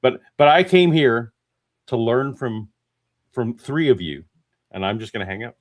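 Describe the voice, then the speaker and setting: A man's voice: medium pitch, expressive, unhurried. A man from Canada, a YouTube channel host, chatting casually in a self-deprecating, plain-spoken way. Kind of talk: casual chat.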